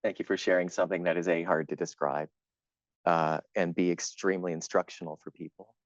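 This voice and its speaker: A man moderating a panel, thanking the speaker in an earnest, slightly halting way. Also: low-pitched, steady tone, dry recording, muffled recording.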